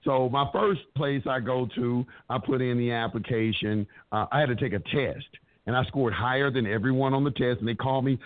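A man's voice: mid-range voice, a little fast, no echo. A man telling his story as an interview guest, blunt and emphatic, cursing heavily as he talks. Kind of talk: profane, animated storytelling. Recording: tinny, dry phone-like sound.

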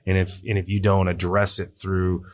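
A man's voice: low voice, completely flat delivery, moderate pace. A man hosting a live interview, speaking in a plain, affirming way. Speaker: podcast host. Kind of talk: conversational interview.

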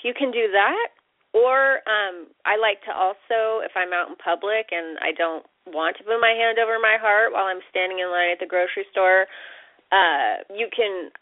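A woman's voice: mid-range voice, normal speed, no echo, phone-quality sound. A woman hosting a spiritual self-help podcast, talking casually and chattily, laughing often and slipping into playful dramatic asides. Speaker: podcast host.

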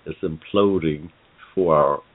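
Deep-voiced man on a tinny phone line. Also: slow. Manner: rambling, frequent "uh" fillers, addresses listeners as "y'all". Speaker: online forum host. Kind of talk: casual talk-show commentary.

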